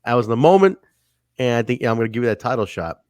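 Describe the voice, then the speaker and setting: On a laid-back wrestling review podcast, this co-host races along in a smooth, mid-range voice. He's animated, laughing a lot and performing the wrestlers' lines himself. The recording is dry.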